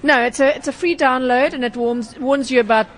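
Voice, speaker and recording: Higher-voiced woman giving consumer advice. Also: a little fast. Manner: explanatory, lightly hesitant, fillers. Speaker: consumer journalist. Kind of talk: radio consumer advice chat.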